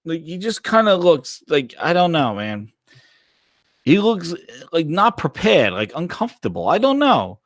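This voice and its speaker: A man's voice: on the high side, unhurried, dry recording, clean studio sound. A man hosting a casual gaming live stream, rambling and swearing as he answers chat. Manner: animated, profane, rambling.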